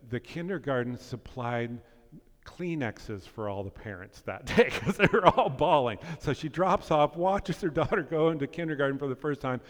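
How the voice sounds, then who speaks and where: A man preaching a sermon, telling stories in an animated way and laughing at his own jokes. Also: medium pitch, in a large hall.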